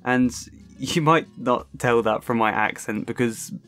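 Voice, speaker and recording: A man with a faint English accent, his Suffolk roots barely showing, talks through a personal film essay into a close microphone. He speaks in a relaxed, rambling, self-aware way, often breaking off with a small laugh or an "um". Faint music plays quietly behind him. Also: medium pitch, unhurried. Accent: faint English, Suffolk traces. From Suffolk, England. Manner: chatty, self-aware, with frequent soft laughs and ums. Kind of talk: personal video essay narration. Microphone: close home microphone.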